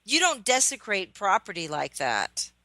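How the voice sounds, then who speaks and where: A woman's voice: medium pitch, sing-song, unhurried, bright, forceful tone, dry recording. A woman in her fifties hosting a radio interview, reacting with short exclamations and adding her own memories. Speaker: radio show host.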